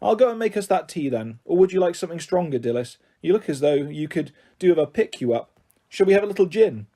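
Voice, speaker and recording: A man's voice: a little high, lively intonation, quick pace, dark tone. A man playing a bossy, gossipy middle-aged aunt. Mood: gushing. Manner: chatty, bossy, dismissive. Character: brisk, self-centred middle-aged aunt.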